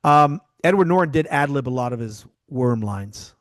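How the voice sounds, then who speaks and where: A man's voice: medium pitch, expressive, moderate pace, dry recording. Chatty man with a dry sound. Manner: chatty, trails off and restarts, tells anecdotes. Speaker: podcast co-host. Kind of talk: casual chat.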